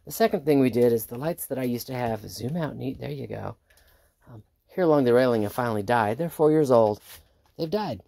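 A woman's voice: rumbling low, animated, fairly quick, creaky, warm tone, dry recording. A woman vlogging casually outdoors on a small farm while doing chores, sounding a bit sick and rambling with many ums. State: sick, under the weather. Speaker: homestead vlogger.

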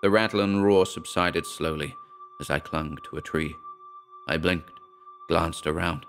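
A man reading a horror story aloud in a measured, grave narration. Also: low-pitched, fairly even intonation, fairly bright tone, soft background music. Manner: measured, grave storytelling with quoted dialogue read plainly.

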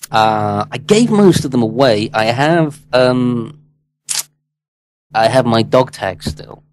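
A man, an actor guest, chatting in a relaxed interview with easy laughs and repeated words. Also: medium pitch, slow, no room sound, low-quality recording. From England. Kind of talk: relaxed casual interview chat.

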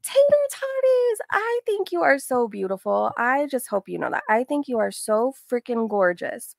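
A woman's voice: fairly high pitch, big pitch swings, moderate pace, creaky, no room sound, studio quality. A young woman hosting a casual livestream, bubbly and giggly, greeting her chat by name. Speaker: livestream host.

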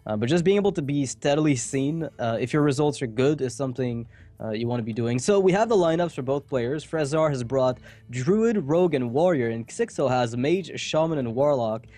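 A man casting an esports match, chatting casually between games with quick asides and jokes. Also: mid-range voice, animated, dark tone. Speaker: esports caster. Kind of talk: casual pre-match commentary.

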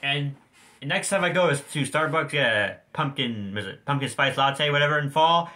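A man's voice: fairly high pitch, expressive, moderate pace, sharp tone, a little hiss or hum. A teenage boy ranting angrily to his viewers in a storytime vlog, heated and full of swearing. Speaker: vlogger. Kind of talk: angry storytime rant.

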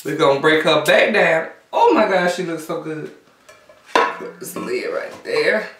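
A woman with a low, animated voice hosts a casual eating show, chatting and humming over her food between bites at a measured pace. There's background noise, and the echoey room leaves her sounding a bit far from the mic.

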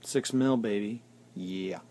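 A man's voice: fairly low pitch, slow, mellow. A man hosting a casual hobby vlog, chatty and self-deprecating, often trailing off mid-sentence as he talks at his painting desk. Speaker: hobby channel host.

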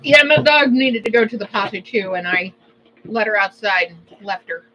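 A woman with a Minnesota accent chatting casually as co-host of a cooking vlog, joking, laughing often and breaking into playful yelling. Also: medium pitch, expressive, moderate pace, dull audio, noisy background. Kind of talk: casual chat.

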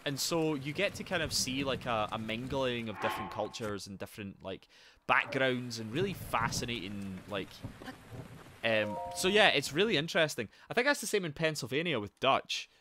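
A man streaming a game, chatting casually, excitable and swearing, breaking into shouts. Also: mid-range voice, normal speed, background noise. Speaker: gaming streamer.

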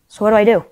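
A woman in her thirties giving a leadership talk at a conference, speaking conversationally with lots of "right?" tag questions and dry self-deprecating humor. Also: a little mellow. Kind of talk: leadership talk to a live audience. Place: conference session room.

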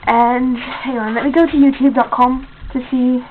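A woman's voice: sits high, level tone, moderate pace, background noise. Rambling female contest host, tinny sound. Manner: rambling, with many fillers and self-corrections. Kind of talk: casual home video.

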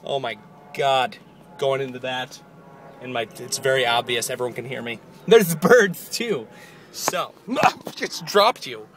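Excitable rambling man outdoors. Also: mid-range voice, unhurried, soft background music. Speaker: vlogger. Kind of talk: casual chat. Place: outdoors near a parking lot.

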